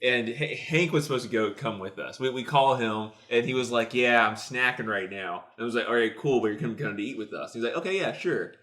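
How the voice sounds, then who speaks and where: A young man with an ordinary mid-range voice co-hosts a casual podcast. He tells long, rambling stories with lively retellings. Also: medium pitch, quick pace, hardly any pauses. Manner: rambling, animated anecdotes. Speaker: podcast co-host. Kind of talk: casual storytelling chat.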